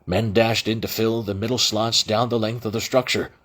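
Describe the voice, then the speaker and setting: A man's voice: on the low side, little pitch movement, normal speed, fairly bright tone. A man reading a novel aloud as an amateur audiobook narrator, with frequent restarts and self-corrections. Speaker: audiobook reader.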